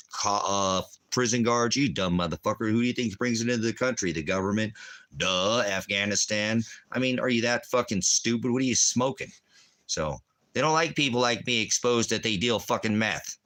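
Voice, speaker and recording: A man's voice: on the low side, fairly bright tone. A man, a military veteran, delivering an angry, profane, rambling rant. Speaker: veteran ranting.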